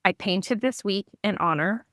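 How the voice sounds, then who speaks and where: A woman's voice: medium pitch, measured pace, fairly bright tone, dry recording, clean studio sound. A woman in her thirties, a podcast guest, telling a personal story candidly and vividly, with lots of "like" fillers. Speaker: guest, psychic medium and artist.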